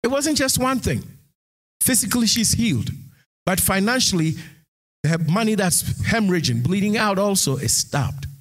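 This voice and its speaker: A man preaching a sermon who reads scripture aloud and builds into shouted, sing-song exhortation. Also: high voice, lively intonation, normal speed. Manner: reads scripture aloud, King James phrasing. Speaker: pastor.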